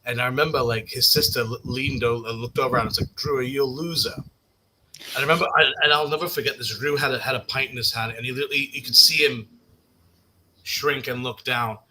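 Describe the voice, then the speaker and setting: A young man on a podcast, telling personal stories in a casual chat, halting and self-mocking with many restarts. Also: medium pitch, fairly even intonation, pushed and bright, a little hiss or hum, low-quality recording. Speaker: podcast guest.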